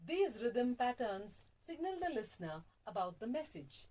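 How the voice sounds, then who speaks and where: A woman reading a language lesson aloud in a deliberate, sing-song way, recorded in a small radio prerecording room. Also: fairly high pitch, very animated, mellow. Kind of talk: slow, carefully read-aloud lesson on punctuation and intonation. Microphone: phone test broadcast.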